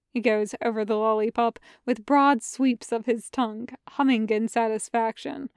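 Woman reading fanfic aloud, high smooth voice, dry close sound. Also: steady tone, unhurried, a little mellow, no room sound. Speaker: podfic reader. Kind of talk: fan fiction audiobook narration.

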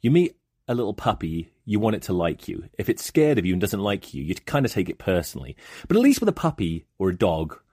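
A man's voice: on the low side, very animated, fairly quick, mellow, breathy edge, dry recording, studio quality. A man hosting a podcast, telling rambling, profane comic stories in a monologue. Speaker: podcast host.

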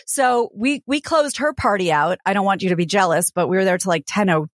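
A woman's voice: medium pitch, brisk, no room sound, studio quality. A woman co-hosting a podcast, chatting casually and telling stories with plenty of acted-out back-and-forth. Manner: animated storytelling, acting out both sides of exchanges. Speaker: podcast co-host. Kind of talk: casual chat.

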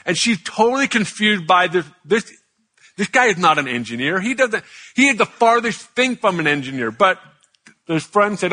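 Male preacher, storytelling sermon, jokey and animated, bright high voice. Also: moderate pace. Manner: animated, chatty, joking with the congregation. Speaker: pastor.

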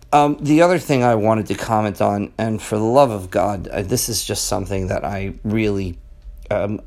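A man's voice: lowish voice, vocal fry, a little mellow. Rambling middle-aged man musing aloud. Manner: rambling and conversational, peppers talk with "okay?" and "you know"; emphatic rhetorical questions. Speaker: vlogger. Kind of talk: casual off-the-cuff monologue.

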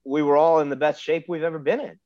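A man tells stories in a relaxed, rambling way, leaning on fillers as he goes. His voice sits on the higher side. The sound is dull and dry, with a lo-fi edge. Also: fast talker, no room sound. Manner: relaxed, laid-back storytelling with lots of fillers. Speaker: podcast guest, pro wrestler. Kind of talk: casual storytelling chat.

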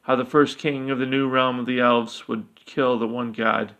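A man's voice: medium pitch, little pitch movement, normal speed, a bit bright, natural voice. A man voicing a bulky, menacing male god who speaks with scornful authority. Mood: commanding. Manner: authoritative, bellowing and crooning.

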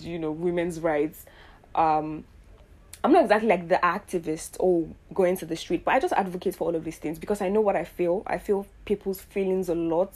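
A woman from Nigeria hosting her own show, talking in a casual, earnest and reflective monologue full of fillers and pauses. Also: on the low side, darkish tone. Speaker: podcast host.

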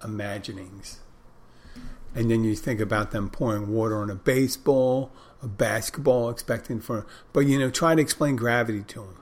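A man's voice: fairly low pitch, normal speed. A man hosting a show, talking to his listeners in a casual, meandering monologue that often stops to correct itself and lose its thread. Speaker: podcast host.

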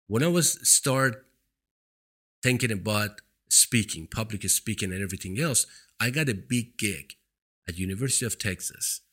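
A non-native English speaker with a foreign accent, a talk show host, sits indoors giving an earnest, emphatic motivational monologue into a studio microphone. His voice is lowish and a bit bright at normal speed, and he repeats points for stress.

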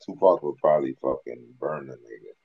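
A man's voice: very deep voice, a little fast, breathy edge, phone-quality sound. A man co-hosting a podcast, telling stories in a loose, profane, laughing way. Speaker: podcast co-host. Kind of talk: casual chat.

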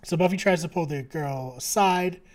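A man's voice: sits high, moderate pace, darkish tone. A man co-hosting a podcast, casually recapping a TV episode, chatty, with lots of fillers and frequent laughter. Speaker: podcast co-host.

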